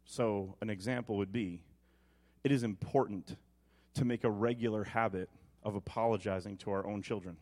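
A man in his thirties preaching a sermon, moving between quiet reflection and animated personal storytelling. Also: lowish voice, normal speed. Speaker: pastor.

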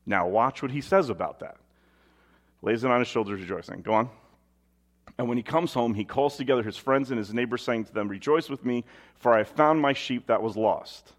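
A man delivering a sermon in a mid-pitched voice, moving between scripture readings and casual, conversational asides. He keeps asking his listeners rhetorical questions as he builds his point. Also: a little fast. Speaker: preacher.

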